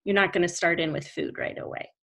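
A woman's voice: on the low side, gravelly, fairly bright tone. Agreeable woman co-host, conversational. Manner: agreeable, backchannels often, measured. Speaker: speech therapist, podcast co-host. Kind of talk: casual podcast chat.

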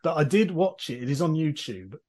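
Husky man steering a podcast chat. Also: a little high, sing-song, a little fast, a little mellow. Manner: prepared, leads with questions and show references. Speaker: podcast co-host.

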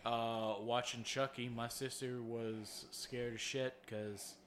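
A man's voice: mid-range voice, level tone, slow, a bit bright, a little hiss or hum. Mumbling man trading insults with his sibling. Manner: mumbled, trash-talking. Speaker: podcast co-host. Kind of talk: casual chat.

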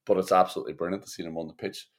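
A man's voice: low voice, steady tone, very fast. A man co-hosting a football podcast, chatting bluntly with swearing and laughs. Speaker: podcast co-host. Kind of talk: casual football chat.

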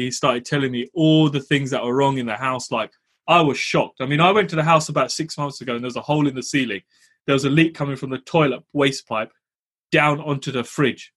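A young man telling a long story about his rented house, animated, laughing as he talks and swearing now and then. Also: mid-range voice, breathy edge. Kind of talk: casual storytelling.

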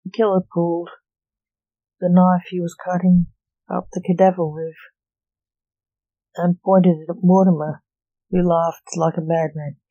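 A woman reading a superhero story aloud, slow and even, with small slips. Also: on the low side, dry recording, dull audio. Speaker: story reader.

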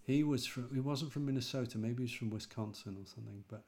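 An English preacher with a North Midlands accent, chatting casually and rambling, often correcting himself mid-sentence. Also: male voice, medium pitch, fast talker. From England. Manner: relaxed, rambling, self-correcting. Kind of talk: casual podcast chat.

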